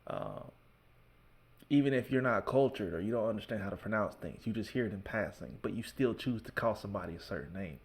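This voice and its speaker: Laid-back male reaction host. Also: fairly low pitch. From United States. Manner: laid-back, drawn-out phrasing with slang. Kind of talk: casual commentary.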